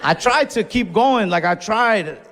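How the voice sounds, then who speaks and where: Young male comic, gravelly and laid-back, profane storyteller; live club mic, reverberant hall, faint crowd bed. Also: a little high, expressive, moderate pace, slight background noise. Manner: laid-back, profane, acts out his own shouts. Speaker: stand-up comedian. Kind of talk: stand-up storytelling. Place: comedy club stage. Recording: live room with long reverb.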